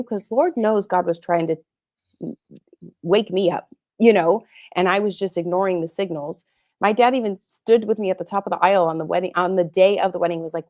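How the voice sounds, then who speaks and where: A woman's voice: mid-range voice, fairly even intonation, fairly quick, darkish tone. A middle-aged woman speaking as a guest psychotherapist in an interview, talking earnestly and emotionally about her own past. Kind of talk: candid interview talk.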